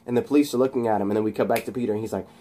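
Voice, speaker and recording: A man casually retelling a movie plot, rambling excitedly with many restarts. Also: lowish voice, racing, slight background noise. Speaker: channel host.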